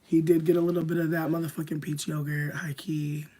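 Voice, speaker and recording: A young adult woman spinning a rambling personal story for her livestream viewers. Her talk is loose, profane and full of slang, with "like" in nearly every line. She drops into hushed asides, then flares up loud. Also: deep voice, little pitch movement, a little fast, a little hiss or hum. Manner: swings between hushed asides and loud outbursts. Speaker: streamer.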